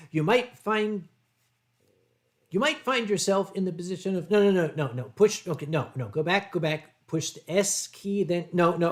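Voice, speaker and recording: An older American man hosting a livestream, answering viewer chat in a rambling way with deadpan humor. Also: sits high. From United States. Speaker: livestream host.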